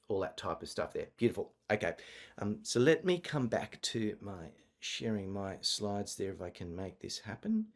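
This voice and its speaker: A man presenting an online marketing masterclass over a video call, talking conversationally with frequent fillers and restarts. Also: on the low side.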